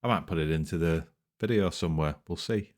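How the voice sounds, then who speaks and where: Deep-voiced man chatting casually. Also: brisk. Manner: relaxed, chatty, addresses viewers directly. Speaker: reaction channel host. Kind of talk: casual reaction chat.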